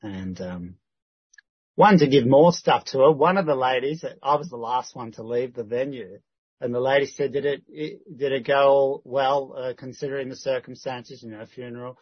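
A man's voice: medium pitch, moderate pace, husky, no echo, muffled recording. A man talking casually through a rambling update that is full of restarts and quoted conversations. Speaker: church member giving a prayer update.

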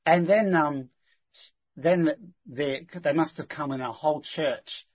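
A man tells viewers a rambling story about his day, with many restarts and lively retold dialogue. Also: fairly high pitch, slow, slightly rough, muffled recording. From Australia.

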